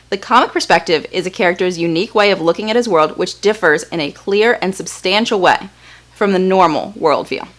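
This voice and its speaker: A woman's voice: mid-range voice, fairly bright tone. A woman from Texas hosting an upbeat, story-driven lesson on writing. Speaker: host. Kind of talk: explanatory video lesson.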